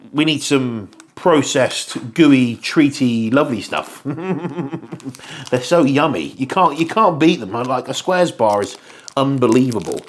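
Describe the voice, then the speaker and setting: A young man vlogging casually about his meals, chatty and rambling, with casual swearing. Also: mid-range voice. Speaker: fitness vlogger. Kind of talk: casual chat to camera.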